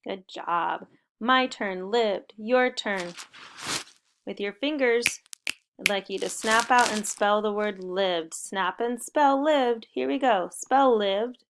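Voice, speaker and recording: Slow, gravelly-voiced woman teacher. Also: medium pitch, fairly bright tone, slight background noise. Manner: upbeat, encouraging, clearly paced instructions. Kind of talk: spelling lesson for young children. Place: home recording.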